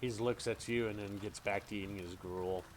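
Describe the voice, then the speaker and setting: A man's voice: fairly low pitch, steady tone, normal speed. Casual male game master, hesitant. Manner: casual, hesitant, many fillers. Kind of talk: narrating a tabletop game.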